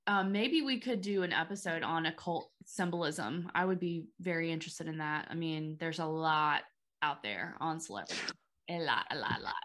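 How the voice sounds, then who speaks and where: A bubbly woman hosting a podcast call, her voice bright and a little sharp. She talks with eager enthusiasm and steers the conversation along. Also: low voice, moderate pace. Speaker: podcast host. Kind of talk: casual chat.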